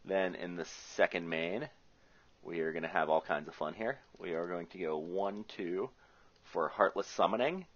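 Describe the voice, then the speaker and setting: A man's voice: low-pitched, normal speed. A man from the US Rust Belt giving chatty, joking play-by-play commentary on his own card game and thinking his moves through aloud. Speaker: Magic player commentating his own match. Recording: muffled lo-fi recording.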